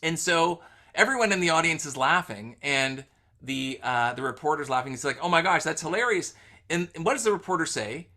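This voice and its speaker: Bright-voiced man telling a story. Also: a little high, brisk. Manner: animated anecdote-telling with fillers. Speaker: host. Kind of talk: casual webinar storytelling.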